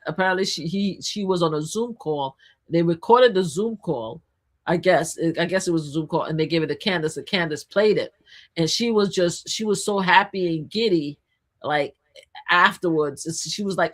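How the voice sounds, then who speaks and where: Excitable woman chatting on a live stream. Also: fairly low pitch. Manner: animated and excitable, many restarts. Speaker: co-host of a live news talk stream. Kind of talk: casual chat. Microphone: streaming setup.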